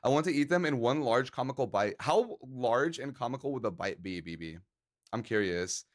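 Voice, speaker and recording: A man's voice: mid-range voice, animated, normal speed. A man live-streaming and chatting casually with his viewers, joking around and laughing often.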